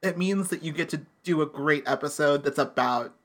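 A woman's voice: sits low, normal speed. A woman co-hosting a podcast, chatting casually about a TV show with frequent fillers. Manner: rambling with many fillers. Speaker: podcast co-host. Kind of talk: casual chat.

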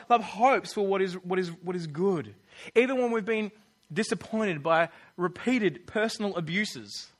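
A man's voice: sits high, fairly bright tone. A man preaching a sermon in an earnest, conversational way. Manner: earnest, conversational, acts out quoted voices.

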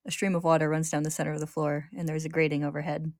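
A woman hosting, narrating a story recap in a steady, descriptive way. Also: deep voice, very fast, no echo, studio quality.

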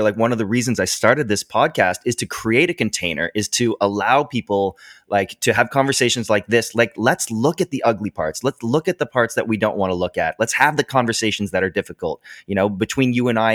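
A man's voice: on the low side, a bit bright, no room sound, clean studio sound. A middle-aged man hosting a podcast, talking in an enthusiastic, affirming and reflective way in casual conversation. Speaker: podcast host.

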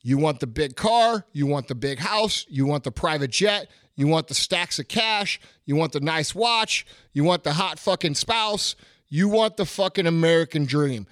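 With lively intonation and a fairly high, slightly bright voice, a middle-aged man hosts a podcast and speaks at normal speed in a blunt, cursing motivational rant that keeps circling back to the same phrases. It's a studio-quality recording with no echo.

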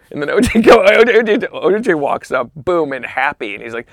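A man casually telling a long, animated story on a podcast, dropping into whispers for asides. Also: a little high, moderate pace, creaky, no room sound, clean studio sound.

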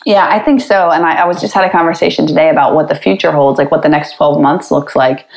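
A woman guest on a podcast telling her story in a candid, chatty way, with quick asides and frequent laughter. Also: sits low, fairly even intonation, vocal fry, a little mellow, poor audio. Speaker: podcast guest, real estate investor.

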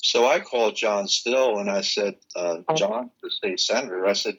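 Older male guest with a low, husky, forceful voice; an animated storyteller who acts out the dialogue. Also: normal speed, poor audio. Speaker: interview guest. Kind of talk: personal storytelling in conversation.

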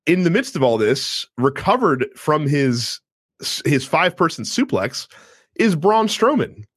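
A man casually recapping a wrestling show with a friend, telling it with animated energy and acting out the wrestlers' lines. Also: mid-range voice, no room sound, clean studio sound. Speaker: podcast co-host.

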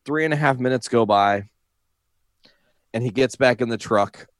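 A man's voice: mid-range voice, normal speed, no echo, clean studio sound. A young man telling a rambling, profane story in casual chat, often breaking into laughter as he talks. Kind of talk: casual anecdote.

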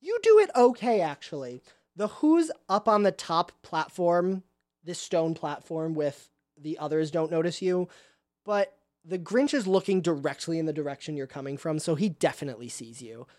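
A man's voice: fairly high pitch, animated, moderate pace, a little mellow, no echo, clean studio sound. A man narrating a tabletop game as game master in a casual, chatty way.

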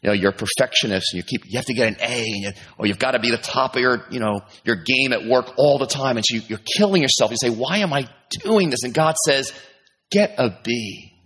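Speaking fast with hardly any pauses, a middle-aged pastor preaches animatedly. His delivery jumps from loud, high stresses to quiet, low asides as he dramatizes his listeners' thoughts.

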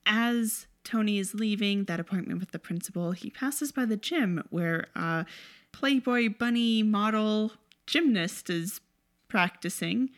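A woman's voice: medium pitch, measured pace. A woman casually recapping a movie plot in a wry, chatty, sarcastic way.

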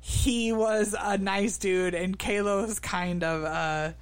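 Brief: podcast co-host, slow and halting recap chat, crisp tone. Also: medium pitch, fairly even intonation, dry recording. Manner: hesitant, many fillers and restarts.

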